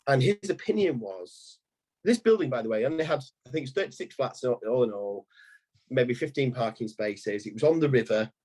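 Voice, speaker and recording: Podcast guest: husky man in his thirties, storytelling, restarts often. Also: medium pitch, expressive, normal speed, a little mellow. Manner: rambling anecdotal, frequent restarts. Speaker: estate agency owner.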